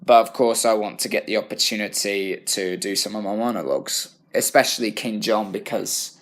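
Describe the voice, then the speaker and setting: Young British drama student, lowish voice, halting reflective self-assessment. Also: male voice. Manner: thoughtful, self-correcting, halting.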